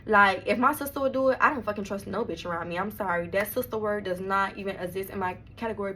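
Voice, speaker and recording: A woman's voice: medium pitch, fast, few pauses, bright, forceful tone, a little hiss or hum. Blunt, emphatic young woman vlogger. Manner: blunt and emphatic, heavy swearing. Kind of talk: storytime vlog.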